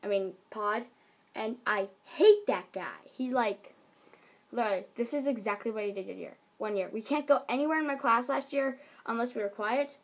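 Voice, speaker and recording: A teenage girl chats to her viewers in a loose, giggly vlog ramble. Her voice sits a little high, and she jumps from one topic to the next. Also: normal speed. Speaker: vlogger. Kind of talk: casual vlog chat.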